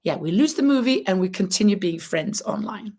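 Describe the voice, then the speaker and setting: A woman's voice: medium pitch, expressive, brisk, a little mellow, slightly rough. Chatty woman with a cracking voice. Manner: chatty, thinks aloud with many fillers and restarts. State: voice cracking, coughing. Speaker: livestream host. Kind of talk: casual chat while crocheting.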